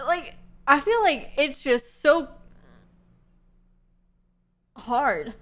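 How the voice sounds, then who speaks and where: A young woman with a high voice talks casually to her stream chat at a relaxed, unhurried pace. She is giggly and chatty, full of fillers and swearing, speaking into a desk microphone.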